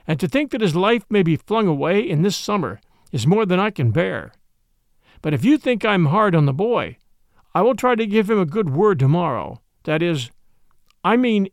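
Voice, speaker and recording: A man's voice: high voice, gravelly, dry recording, clean studio sound, full character voice. A man voicing an earnest adult groom who speaks with grieved, indignant reproach. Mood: sorrowful.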